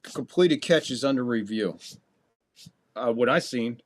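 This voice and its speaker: A man's voice: mid-range voice, unhurried. A man doing casual live football play-by-play on a podcast stream, calling plays and ranting with frequent swearing. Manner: profane, exasperated rants between play calls. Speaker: podcast host doing live game commentary. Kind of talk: casual live sports commentary.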